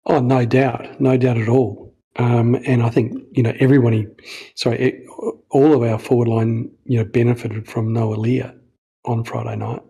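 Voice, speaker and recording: A man co-hosting a football podcast, speaking quietly and in a measured way, citing stats. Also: mid-range voice, little pitch movement, gravelly, husky. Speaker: podcast co-host. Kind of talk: casual football chat.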